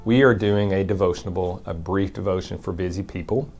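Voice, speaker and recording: Man, pastor, short devotion, low pitch, gravelly edge, casual delivery. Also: brisk, over music. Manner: conversational, reads Scripture aloud with emphasis.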